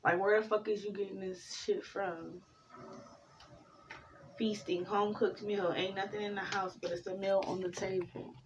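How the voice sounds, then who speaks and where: A woman giving a casual tarot reading, talking, swearing freely and drifting into animated stories. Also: medium pitch, measured pace, far from the mic, dull audio, slight background noise. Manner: profane, rambling, animated storytelling. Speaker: tarot reader.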